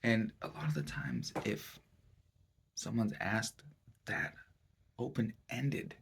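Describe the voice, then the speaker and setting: Slow gravelly deadpan man lecturing. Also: on the low side. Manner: slow, rambling, mock-serious lecturing with filler words. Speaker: comedic self-help presenter. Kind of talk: deadpan parody self-help lecture.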